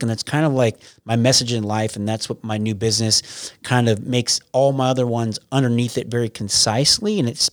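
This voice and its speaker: A man with a mid-range voice appears as a podcast guest in a casual interview, recorded close and dry with no echo. He rambles, keeps restarting his thoughts, and swears often.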